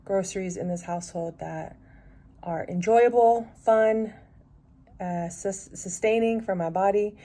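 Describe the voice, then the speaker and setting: A woman's voice: mid-range voice, a little slow, mellow. A woman in her forties chatting casually at home for her vlog, rambling with lots of restarts and fillers. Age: 40s. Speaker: vlogger.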